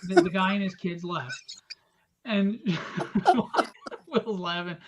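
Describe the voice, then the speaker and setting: A middle-aged man hosting a livestream, telling stories in casual chat, animated and profane, acting out the people in them. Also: high voice, slow pace, rough recording. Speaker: livestream host.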